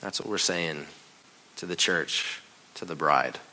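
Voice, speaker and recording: A man giving a conversational, confessional sermon as a pastor, dropping to a hush and rising loud while telling a story. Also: sits low, unhurried, low-quality recording.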